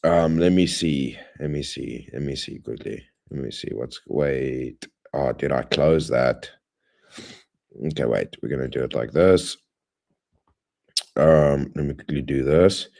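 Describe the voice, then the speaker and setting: A man hosting a livestream, closing with rambling, friendly shout-outs to viewers in playful slang. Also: rumbling low, a little slow, creaky. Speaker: livestream host. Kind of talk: casual stream sign-off.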